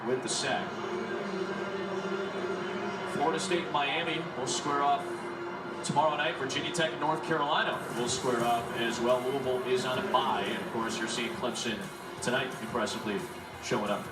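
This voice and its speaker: Brief: male play-by-play announcer, crisp delivery, distant echoey audio, loud music bed. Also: mid-range voice, steady tone, brisk. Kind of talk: live play-by-play commentary.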